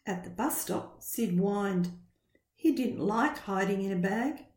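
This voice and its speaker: A woman reading a children's picture book aloud in a slow, expressive storytelling style. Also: medium pitch. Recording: roomy echo.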